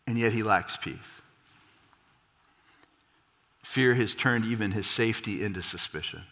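Bright-voiced preacher in a reverberant hall. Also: male voice. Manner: emphatic, dropping low for solemn points. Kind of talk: expository sermon.

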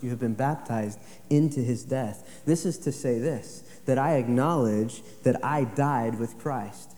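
A man preaching with fervor, his mellow, darkish voice rising and pressing hard on each scripture line. The sound rings out with a long reverb, like a big sanctuary. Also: medium pitch. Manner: impassioned preaching, reading scripture aloud with rising emphasis. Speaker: pastor. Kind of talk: sermon.

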